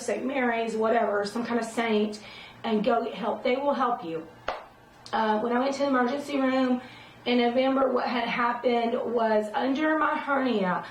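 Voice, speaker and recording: A woman's voice: fairly high pitch, a little hiss or hum. A middle-aged woman vlogging casually about her own experience, rambling and emphatic, often checking in with "okay?". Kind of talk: casual personal talk to camera. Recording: roomy echo, distant from the mic.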